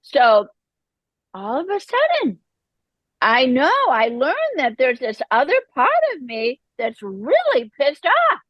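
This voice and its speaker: A woman, a podcast guest, telling her personal recovery story in an animated way, acting out the voices she quotes. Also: high-pitched, takes it slowly, no echo, highs cut off.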